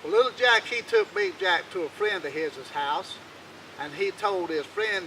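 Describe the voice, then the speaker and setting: A man spins a folk tale in an unhurried, folksy manner, full of country turns of phrase. His voice is bright and a touch high. A faint hiss runs underneath. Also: animated, poor audio. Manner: folksy, unhurried, dialect-rich. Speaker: storyteller.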